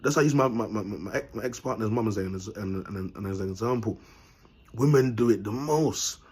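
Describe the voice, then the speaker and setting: A husky-voiced man speaks straight to camera in a loose, rambling monologue. He talks bluntly, piles on street slang and breaks into laughter often. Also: on the low side, fairly quick, a little mellow. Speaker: vlogger.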